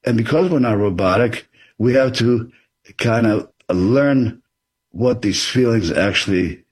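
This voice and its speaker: A man's voice: mid-range voice, a little slow, a little mellow, breathy edge. A man being interviewed as an author, explaining things in an earnest, advisory way. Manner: earnest and advisory, acts out example dialogue.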